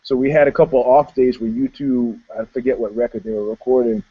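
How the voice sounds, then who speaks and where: A man co-hosting a podcast, telling stories in casual chat in an animated, laughing way. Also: medium pitch, fast talker, husky, phone-quality sound. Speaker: podcast co-host.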